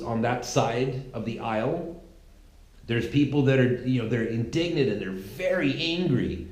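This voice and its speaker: Male podcast host with a mid-pitched voice, rambling and sarcastic, recorded in an echoey room. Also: a little mellow. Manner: rambling, sarcastic, full of restarts. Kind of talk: casual opinion monologue. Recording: roomy echo.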